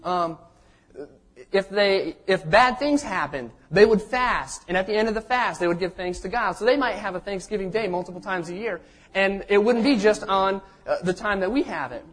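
A man's voice: high-pitched, normal speed, fairly bright tone. A man preaching a sermon as a pastor. He tells the story in a conversational way and often checks in with the congregation by asking "okay?".

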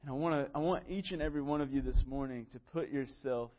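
A man's voice: medium pitch, quick pace, lo-fi sound. A man in his twenties preaching a sermon in a church, reading scripture and telling stories with earnest, self-deprecating humor. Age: 20s. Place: church sanctuary.

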